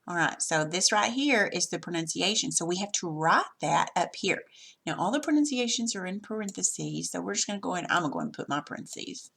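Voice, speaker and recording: A woman's voice: on the low side, animated, fairly quick, gravelly, fairly bright tone, husky. A woman teacher patiently walking through a worksheet lesson step by step, recorded over her screen.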